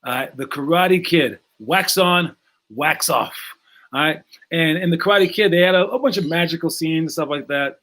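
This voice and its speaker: A man with a fairly high voice talks casually to young basketball players as their coach. He is energetic and loose, with plenty of fillers and repeated words. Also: moderate pace. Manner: energetic, acts out movie scenes in raised voices.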